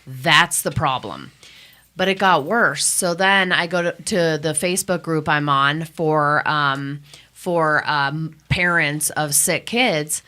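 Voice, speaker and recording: A woman's voice: deep voice, takes it slowly, pushed and bright. A woman who runs a cannabis testing lab, speaking emphatically and with indignation as a guest on a radio talk show. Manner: emphatic, indignant, storytelling with quoted voices. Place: radio studio.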